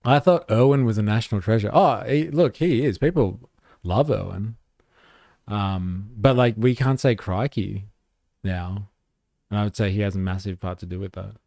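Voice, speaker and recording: Low-voiced Australian man, dry close sound. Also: moderate pace, vocal fry, warm tone, dry recording. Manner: laid-back, profane, laughs often, reads chat aloud. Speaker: livestream host. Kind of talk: casual livestream commentary.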